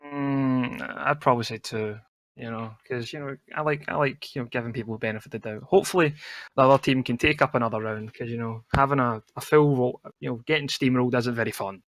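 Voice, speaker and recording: A man's voice: medium pitch, quick pace, a bit bright, no room sound, studio quality. A man casting a live online game tournament in a loose, rambling way, padding his talk with "you know", on a headset mic. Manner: laid-back, rambling, lots of "you know". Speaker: esports caster. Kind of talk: casual live game commentary.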